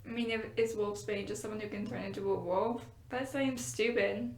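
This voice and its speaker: A woman's voice: medium pitch, fairly even intonation, moderate pace, vocal fry. A woman co-hosting a podcast in casual chat, guessing and asking questions, mostly in short replies. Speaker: podcast co-host, quiz contestant. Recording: roomy echo, faint background noise.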